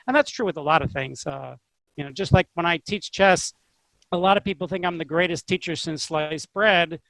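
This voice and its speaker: An older man who loves to talk, expressive and never monotone. His voice sits high for a man. It comes across dry and close, with no room sound around it. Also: no room sound, poor audio. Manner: talkative and expressive, not monotone. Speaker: chess instructor, interview guest. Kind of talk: casual interview chat.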